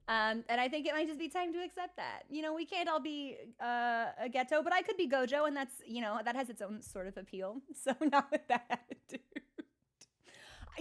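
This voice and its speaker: A woman's voice: a little high, lively intonation, moderate pace, fairly bright tone. A woman streaming a game, chatting casually in a rambling, sarcastic and self-mocking way with many fillers. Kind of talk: casual chat while gaming.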